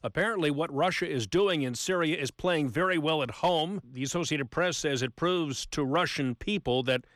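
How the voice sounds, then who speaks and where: A man's voice: a little high, normal speed, few pauses, fairly bright tone, dry recording. Dry male news interviewer. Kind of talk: scripted news questions.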